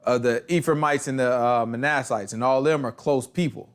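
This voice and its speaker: A man teaching a casual Bible study, explaining the text in slangy, animated talk and acting out bits of street dialogue. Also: medium pitch, a little fast, clean tone.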